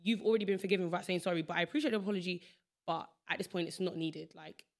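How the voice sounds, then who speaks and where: A woman's voice: fairly low pitch, very fast. A young woman hosting a podcast with a London accent, chatting casually and laughing easily as she rambles through stories. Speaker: podcast host. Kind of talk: casual chat.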